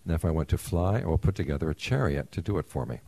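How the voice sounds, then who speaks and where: Humble, earnest embryo from a fable, polite and careful, very deep voice, read by a man. Dark and husky. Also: lively intonation, quick pace, dry recording, full character voice. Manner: polite, careful, formal pleading.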